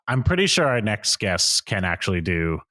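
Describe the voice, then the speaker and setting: A man's voice: fairly low pitch, very animated, normal speed, bright, forceful tone. A man from Canada co-hosting a podcast over a video call, laid-back and self-deprecating. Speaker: podcast co-host. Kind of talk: casual chat.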